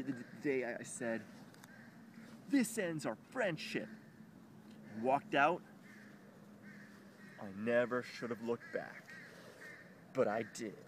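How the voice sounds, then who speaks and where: A man's voice: mid-range voice, slight background noise. A young man venting to camera in an emotional personal rant, agitated and swearing, rambling with frequent restarts, recorded outdoors.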